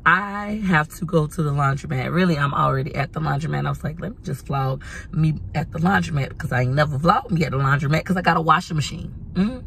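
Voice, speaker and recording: A woman's voice: low-pitched, fast, creaky, fairly bright tone, slight background noise. A woman vlogging in casual chat from her van, telling stories in a dramatic, chatty way. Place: parked van at a laundromat.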